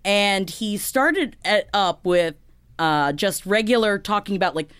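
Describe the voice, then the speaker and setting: A woman's voice: mid-range voice, lively intonation, measured pace, fairly bright tone, smooth, dry recording. A woman co-hosting a podcast in casual chat, telling stories with fillers and frequent laughter. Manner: laughs often, storytelling with fillers. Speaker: podcast co-host.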